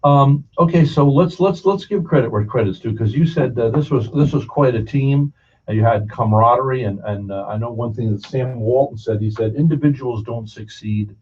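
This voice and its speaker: A man's voice: medium pitch, normal speed, darkish tone, slight background noise. A male interview host, enthusiastic and chatty, full of fillers, asking about a guest's career. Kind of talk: casual interview. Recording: muffled, distant mic.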